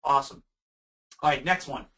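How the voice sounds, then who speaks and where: A man's voice: mid-range voice, normal speed, pushed and bright, recorded from a distance, low-quality recording. A man presenting a webinar on weather safety for camps, answering audience questions in a conversational, emphatic way with frequent restarts.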